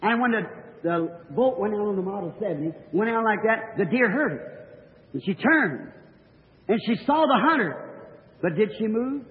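A man's voice: sits high, animated, normal speed. A man preaching, telling a story in a sermon with folksy rural grammar and earnest emphasis. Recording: old tinny recording of a reverberant hall.

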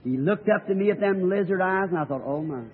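A man's voice: sits high, fast talker. A man preaching, telling a story in a sermon with folksy rural grammar and earnest emphasis. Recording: old tinny recording of a reverberant hall.

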